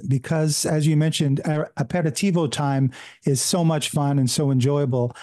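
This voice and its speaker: Man, mellow tone, dry close sound, halting, good-humored, casual. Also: medium pitch, no echo. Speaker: workshop co-leader. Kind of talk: casual chat.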